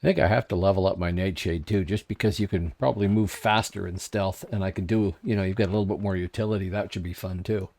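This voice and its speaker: A man with a deep, slightly mellow voice talks fast with fairly even intonation and few pauses. He chats casually while streaming an online game, answering viewers and musing aloud.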